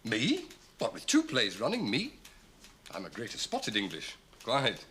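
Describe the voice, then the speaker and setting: A dry, sardonic playwright. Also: male voice, mid-range voice, unhurried, full character voice. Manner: dry, deadpan. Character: dry sardonic playwright friend, touchy about status. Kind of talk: 1970s British TV sitcom acting. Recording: old TV sound with faint hiss.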